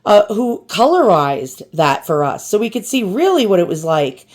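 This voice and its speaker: A woman's voice: medium pitch, big pitch swings, moderate pace, a little mellow. A woman with a New York accent hosting a casual show-and-tell vlog, chatty and self-deprecating, addressing her viewers directly. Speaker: antiques collector and channel host.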